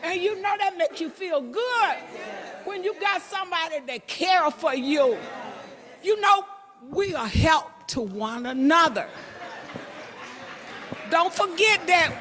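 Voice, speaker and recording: An older woman from Michigan giving an excited, emotional church testimony. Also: extremely high pitch, slow, pauses often, some chatter behind. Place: church assembly hall.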